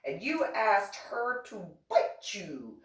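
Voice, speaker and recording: A woman, a reverend, casually telling stories in a chatty, animated way and giggling often. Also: medium pitch, slow. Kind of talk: casual storytelling. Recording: echoey room, distant from mic.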